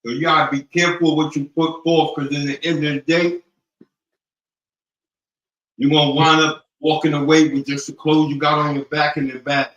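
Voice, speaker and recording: A man gives blunt relationship advice in casual chat, laying it out like sayings. His voice is bright and a bit high, and the room around him is echoey. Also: flat delivery, normal speed, dull audio.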